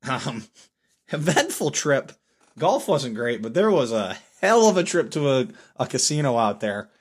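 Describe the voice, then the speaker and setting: A man hosting a casual solo podcast, hoarse from screaming, telling stories with lots of laughter. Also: mid-range voice, a little slow. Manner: animated storyteller, laughs often. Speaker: podcast host.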